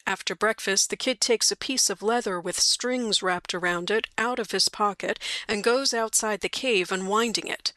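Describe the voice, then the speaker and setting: Woman narrator, clear and wry, bright voice, dry close recording. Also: mid-range voice, normal speed, few pauses, no room sound. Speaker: audiobook reader. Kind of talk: storybook narration.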